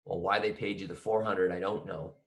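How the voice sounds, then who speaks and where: A man's voice: sits low, steady tone, brisk. A man teaching an accounting lesson in a conversational way, acting out both sides of a phone call with a client.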